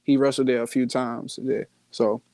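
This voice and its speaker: A man's voice: mid-range voice, steady tone, moderate pace, creaky, a little mellow. A young man, a wrestler, talking in a casual live podcast interview, boastful and playful. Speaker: guest wrestler.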